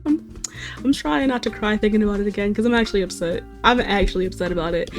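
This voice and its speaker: A woman's voice: mid-range voice, lively intonation, fast, soft background music. A woman in her twenties chatting casually to stream viewers, rambling, swearing freely and mocking herself with frequent laughs. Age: 20s. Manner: rambling, profane and self-mocking, often laughing.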